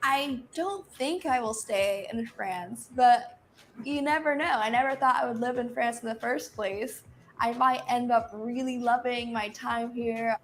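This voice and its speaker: Relaxed american woman in an interview clip, kinda high voice, faint noise behind her. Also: unhurried. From United States. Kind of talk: documentary interview.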